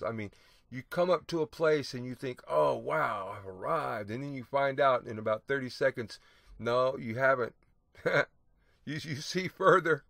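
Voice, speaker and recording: Reading old scripture slowly and with emphasis, a man teaches the Bible over the radio in a creaky, medium-pitched voice of fairly bright tone. Hallelujahs and rhetorical "see?" interjections punctuate his reading, and the recording is dry.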